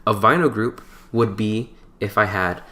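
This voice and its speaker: A man giving a casual chemistry lesson, explaining step by step in a relaxed, chatty way with playful asides and small stumbles. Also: fairly low pitch, measured pace. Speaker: chemistry tutor. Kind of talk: casual whiteboard lecture.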